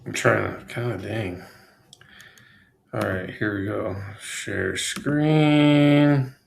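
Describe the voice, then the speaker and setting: Young male co-host, gravelly low voice, mocking livestream banter. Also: extremely slow, background noise. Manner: mocking, mimics people in put-on voices. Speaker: stream co-host. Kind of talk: casual livestream chat.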